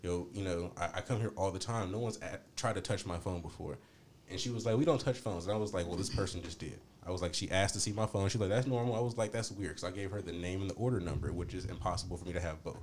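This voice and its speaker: A podcast host with a low voice talks fast over slight background noise as he tells a story. He's animated and profane, acting out both sides of an argument by quoting himself and others.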